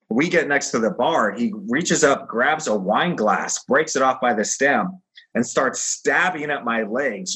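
Bright-voiced man telling fight stories. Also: medium pitch. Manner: animated storyteller acting out quoted voices. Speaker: guest, former pro fighter. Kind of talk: casual storytelling.

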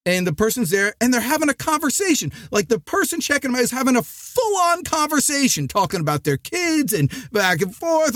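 A middle-aged man from New Jersey hosting a sales podcast, talking in an animated, rambling way with frequent restarts. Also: very high-pitched, fairly quick, hardly any pauses, dry recording, studio quality. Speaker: podcast host. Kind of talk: energetic sales podcast monologue.

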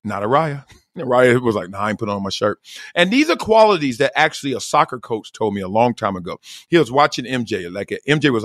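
A middle-aged podcast host delivers a casual storytelling monologue in an animated way, laughing often and acting out the voices of people he quotes. His voice is mid-range. The recording is dry and of studio quality.

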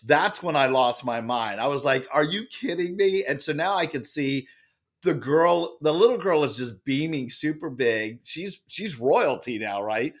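A man telling a story as a podcast guest, with a loud and lively manner. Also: medium pitch, unhurried. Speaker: guest, author and speaker. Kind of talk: animated storytelling in a podcast interview.

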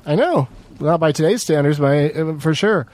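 A man hosting a casual talk show, teasing his co-host with quick jokes. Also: on the high side, lively intonation, a little mellow. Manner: wisecracking, teasing. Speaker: podcast host. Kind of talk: casual chat.

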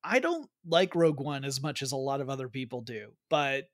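A man co-hosting a geeky podcast in casual, jokey chat with quick asides. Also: mid-range voice, expressive, no echo, clean studio sound. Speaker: podcast co-host.

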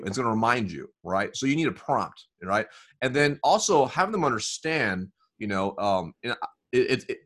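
Energetic man coaching on sales calls. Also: medium pitch, slightly rough. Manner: energetic, lots of "right?" and "you know". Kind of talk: conversational podcast interview.

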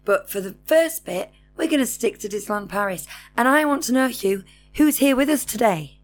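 A woman's voice: on the high side, expressive, normal speed, soft background music. A woman co-hosting a casual live chat show, bubbly and chatty. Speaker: co-host.

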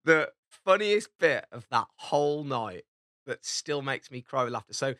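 A man's voice: mid-range voice, a little slow, dry recording, clean studio sound. A man in his forties, co-hosting a podcast in casual chat, telling stories with lots of laughter. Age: 40s. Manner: animated, laughing storyteller. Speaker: podcast co-host.

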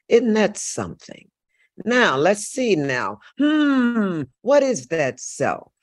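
An older woman telling stories in a loud, animated and very profane casual chat. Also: medium pitch, slow, no echo, studio quality.

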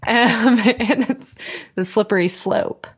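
A woman's voice: a little high, slow, breathy edge. A woman co-hosting a casual podcast with her brother, chatty and laughing often. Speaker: podcast co-host. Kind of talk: casual chat.

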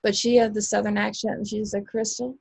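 A woman's voice: medium pitch, little pitch movement, fast talker, creaky, darkish tone, husky, dry recording. A woman, an actress, talking casually in an interview, rambling with many fillers and restarts. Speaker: actress guest.

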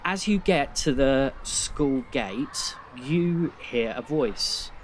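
A British man leads a tabletop game as game master, narrating in a relaxed, easygoing way with the odd chuckle. His voice sits at an ordinary pitch, with faint noise behind it. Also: extremely slow.

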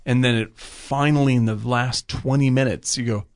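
Gravelly man rambling about films. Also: medium pitch, moderate pace. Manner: rambling, filler-heavy, animated when retelling scenes. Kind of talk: casual film discussion.

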